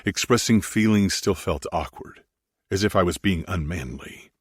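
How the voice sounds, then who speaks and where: A man's voice: sits low, lively intonation, a little fast, husky, dry recording, clean studio sound. A man narrating a first-person romance audiobook in an intimate, brooding way.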